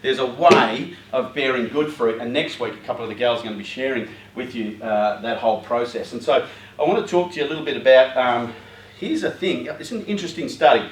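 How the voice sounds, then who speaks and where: A man's voice: medium pitch, a little fast, a little hiss or hum. A man giving an informal talk to a youth group, joking and rambling with lots of fillers and asides. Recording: roomy hall, voice far from mic.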